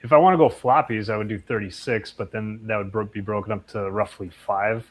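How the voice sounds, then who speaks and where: A comic creator being interviewed in a casual chat. His voice is fairly low, and he pauses and hesitates often with filler sounds. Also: steady tone. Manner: hesitant, with many ums.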